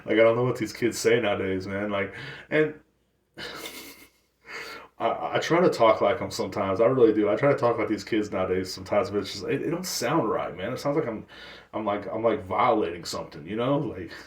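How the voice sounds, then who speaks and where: A man in his thirties hosts a talk show, ranting casually in an expressive, fairly quick voice on the low side. His talk is loose, slangy, and profane with rambling restarts, captured by a distant mic with a roomy sound.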